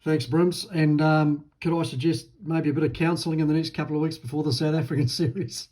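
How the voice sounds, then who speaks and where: A man's voice: on the high side, steady tone, a little fast, a little mellow, rough recording. A man hosting a casual interview, chummy and agreeable. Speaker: radio host.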